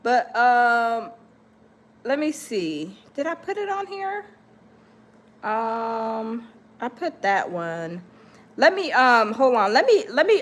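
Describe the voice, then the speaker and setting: A woman's voice: high voice, sharp tone. A woman hosting a casual gossip livestream, rambling and chatty with lots of fillers while she searches for clips. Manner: rambling, chatty, many fillers and hold-ons. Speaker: gossip YouTuber host.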